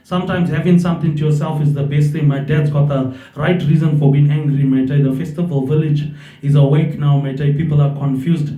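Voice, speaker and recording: A man's voice: a little high, fairly even intonation, fairly quick, dark tone. Rambling New man, distant and roomy. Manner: drifting, repetitive, tags nearly every phrase with "mate". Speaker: vlogger. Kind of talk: rambling monologue. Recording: distant roomy dull recording.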